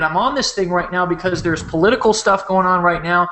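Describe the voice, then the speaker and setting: Fiery high-voiced man ranting a pitch. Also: fairly quick, few pauses, pushed and bright, roomy sound. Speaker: host of a late-night marketing webcast. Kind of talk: impassioned sales pitch. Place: at home.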